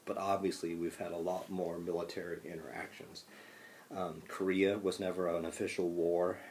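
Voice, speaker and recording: Deep-voiced, gravelly male lecturer. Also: little pitch movement, normal speed, a little mellow, a little hiss or hum. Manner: conversational, many fillers and restarts. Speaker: college lecturer. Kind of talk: classroom lecture.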